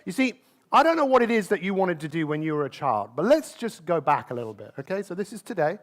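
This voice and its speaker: A man giving a motivational talk on a conference stage, lively and constantly asking the audience questions. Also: sits high, fast. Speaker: motivational speaker.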